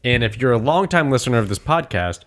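A relaxed man hosting a podcast, chatting loosely with a friend. His voice sits in an ordinary middle pitch, and he swears casually. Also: fast talker. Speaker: podcast host. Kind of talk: casual chat.

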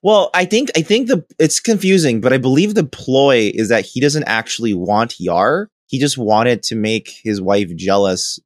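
A man's voice: mid-range voice, expressive, moderate pace, hardly any pauses, no room sound, studio quality. A man in casual podcast chat, chiming in and laughing along. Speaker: podcast co-host.

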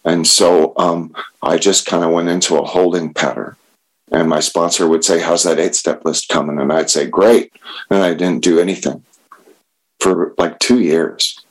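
A man telling a candid personal story about his recovery, halting and self-deprecating. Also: deep voice, steady tone, rough recording. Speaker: speaker sharing recovery story.

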